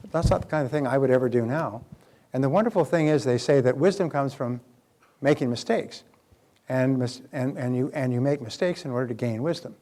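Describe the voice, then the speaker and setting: An older man speaks earnestly at a live seminar, his pitch sitting in the ordinary middle range for a man. He talks in a conversational way, often turning to the audience with questions as he teaches. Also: dark tone. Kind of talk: motivational seminar lecture.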